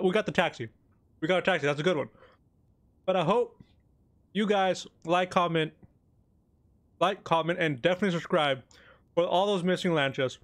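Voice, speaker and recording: A high-voiced young gaming YouTuber gives excitable, joking gameplay commentary. He talks while eating, his mouth full of cookie.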